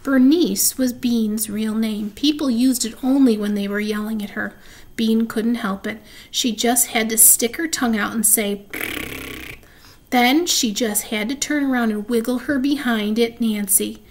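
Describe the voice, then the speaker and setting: A woman reads a children's chapter book aloud in a fairly high voice. Between passages she describes the pictures for her listeners. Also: steady tone, unhurried, darkish tone, slight background noise, low-quality recording. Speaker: reader.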